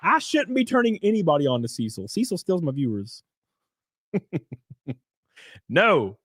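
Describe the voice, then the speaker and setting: Male streamer, lively pitch, dry close sound, loose chatty delivery with swearing and laughs. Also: measured pace, no echo. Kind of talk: casual live-stream chat.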